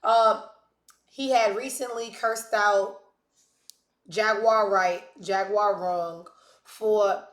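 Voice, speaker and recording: A woman's voice: mid-range voice, fairly even intonation, very slow, pauses often. Brash woman hosting a gossip show. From West Indies. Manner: brash, sassy, joking asides. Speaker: host. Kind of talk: casual gossip commentary. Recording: echoey room.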